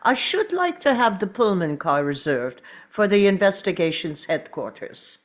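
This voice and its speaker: A woman's voice: mid-range voice, sing-song. Woman reading a fussy, courteous male detective. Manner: measured, courteous, precise. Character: fastidious polite male detective, middle-aged. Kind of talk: table read.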